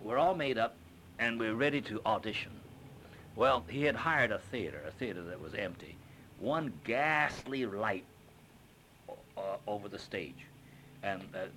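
An older man and stage actor, recounting an anecdote in an interview as an animated storyteller who acts out quotes with frequent fillers. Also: lowish voice, a little hiss or hum.

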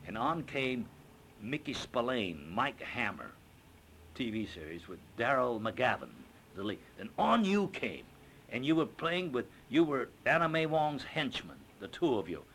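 An older man and stage actor, recounting an anecdote in an interview as an animated storyteller who acts out quotes with frequent fillers. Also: medium pitch, a little slow, a little hiss or hum.

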